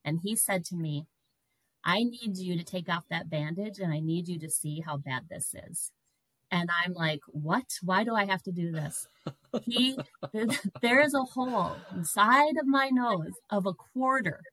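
Middle-aged woman guest, animated personal storytelling, low-pitched voice, dry sound. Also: unhurried, dry recording, poor audio. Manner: animated, breaks into laughter.

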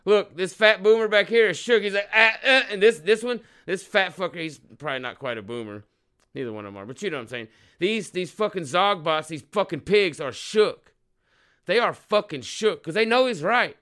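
A man's voice: sits high, big pitch swings, brisk, fairly bright tone, clear, resonant tone. A man from Oklahoma hosting a show, giving profane, heated commentary on a video clip. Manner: profane, heated, swearing freely. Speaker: show host.

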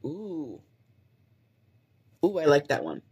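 In a solo test recording, an aspiring podcast host in her twenties tries out cheerful intro lines and reacts to them between takes, thinking out loud. Her voice sits low and is a little mellow, moving at a moderate pace.

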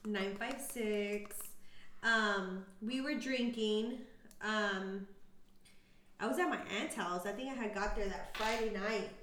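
A woman's voice: mid-range voice, unhurried, a bit bright, echoey room, a little hiss or hum. A woman co-hosting a podcast, telling stories in casual, slangy chat full of ums. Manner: chatty storyteller, slangy, frequent ums. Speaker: podcast co-host.

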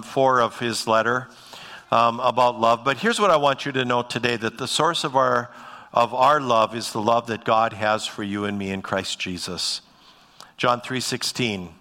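A male pastor delivers a sermon in a loose, conversational way, pausing on ums and restarting phrases. His middle-pitched voice has a bright, forward edge, and the sound rings out through a church hall with a long reverb. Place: church sanctuary.

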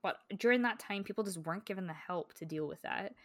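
A woman's voice: lowish voice, quick pace, a bit bright. A woman co-hosting a book podcast in casual chat, candid and rambling, swearing freely. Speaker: podcast co-host.

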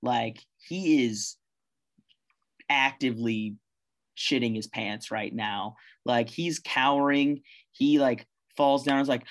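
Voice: mid-range voice, slow. Casual game master narrating a tabletop game. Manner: casual, full of fillers like 'like'.

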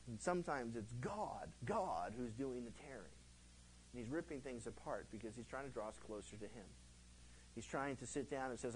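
A male pastor teaching verse by verse through a Bible book in a conversational, animated way, acting out the quotes he tells. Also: medium pitch, brisk, slight background noise, low-quality recording.

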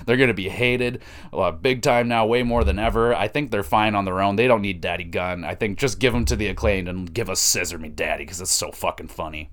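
Male podcast host, lower voice, profane and excitable, rambling recap. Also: fairly quick, a little hiss or hum. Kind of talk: casual wrestling recap.

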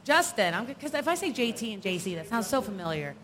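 Animated swearing woman podcaster. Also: mid-range voice, fast. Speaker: podcast co-host. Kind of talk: casual banter.

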